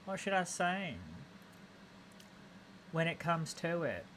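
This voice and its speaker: A man's voice: on the high side, lively intonation, slow pace, a bit bright, slight background noise. A man streaming a video game, rambling goofily with restarts and laughing at himself in casual commentary. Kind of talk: casual let's-play commentary.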